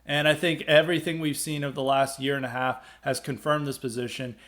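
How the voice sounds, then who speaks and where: A man's voice: medium pitch, level tone, a little fast, fairly bright tone. A man hosting a podcast, delivering a rambling political commentary monologue full of fillers, with emphatic bursts. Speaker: podcast host.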